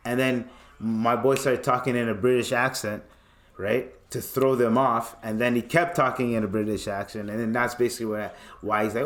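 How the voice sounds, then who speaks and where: A man's voice: mid-range voice, normal speed, fairly bright tone. Profane storytelling man in an echoey room. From Canada. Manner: profane slangy storytelling, acting out voices. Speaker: podcast host. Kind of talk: casual storytelling monologue. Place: home room. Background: television sound.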